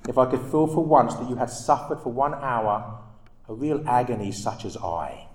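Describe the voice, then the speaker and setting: A man's voice: mid-range voice, moderate pace, close to an everyday voice. A man voicing an impassioned young man who argues about suffering, read aloud in an echoey room. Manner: impassioned, emphatic reading aloud.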